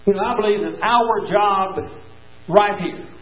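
A man's voice: high-pitched, measured pace. A man preaching a sermon, telling the story with emphatic rises and falls. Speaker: pastor. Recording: tinny phone-like sound, echoey room.

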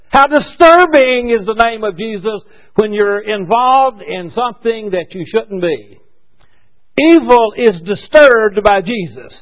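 High, lively male preacher. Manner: conversational, rhetorical questions, corrects himself. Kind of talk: sermon. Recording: dull lo-fi recording.

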